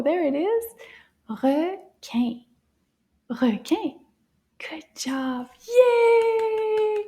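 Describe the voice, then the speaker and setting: A high-voiced woman leads a children's French lesson at a very unhurried pace. Her tone is gentle and playful, slipping into soft hushed asides and little gasps of surprise. The voice is mellow rather than bright. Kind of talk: slow, encouraging kids' lesson.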